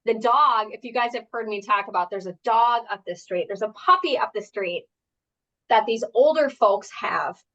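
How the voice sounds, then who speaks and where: A woman health coach runs a live group workshop from her home, chatting and rambling with plenty of fillers and asides. Her voice is on the high side and fairly bright, at normal speed, though the audio is dull.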